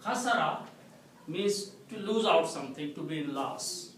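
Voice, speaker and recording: A man teaching a classroom lesson, with a slightly higher voice and a slow, deliberate pace. He explains step by step and keeps checking in with his students. He is recorded from a distance in a very echoey room with faint noise behind him. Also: animated, a bit bright. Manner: slow, explanatory, repeats "okay?" to check understanding. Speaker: Quran Arabic teacher. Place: mosque classroom.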